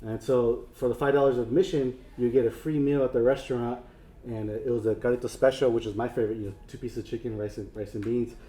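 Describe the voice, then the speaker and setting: A man's voice: mid-range voice, steady tone, fast talker, mellow. A man giving a casual artist talk, rambling and self-deprecating, with many fillers and restarts. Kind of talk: casual lecture.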